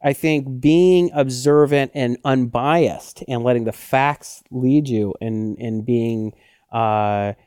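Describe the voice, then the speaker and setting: A man co-hosting a podcast in casual chat, telling stories with lively acted-out quotes. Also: medium pitch, takes it slowly, clear, resonant tone, dry recording, studio quality. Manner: animated storyteller who acts out quotes. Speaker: podcast co-host.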